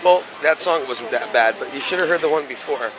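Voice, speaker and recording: A man's voice: medium pitch, brisk, rough recording. A man in his thirties filming a walking-tour vlog on a camera, talking to it in a rambling, casual way as he walks outdoors. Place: outdoors on city streets. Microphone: handheld camera mic. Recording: outdoor city noise. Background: street traffic noise.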